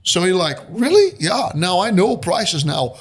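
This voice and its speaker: A man's voice: high voice, lively intonation, moderate pace, breathy edge. A man in his fifties from Brazil, a native Portuguese speaker with a Brazilian accent, telling his story as an interview guest and acting out voices with animation. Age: 50s. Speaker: guest investor.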